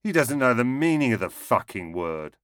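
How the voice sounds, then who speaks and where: A man's voice: mid-range voice, sing-song, normal speed, a bit bright, no echo, studio quality, voice pushed up. A man voicing a drunk woman who slurs her words and bursts out shrilly in scorn. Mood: drunk, scornful.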